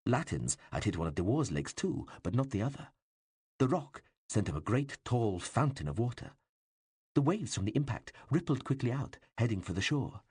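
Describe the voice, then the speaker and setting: A man reading an audiobook with expressive, varied narration. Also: lowish voice, husky, no room sound, studio quality. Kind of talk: scripted narration.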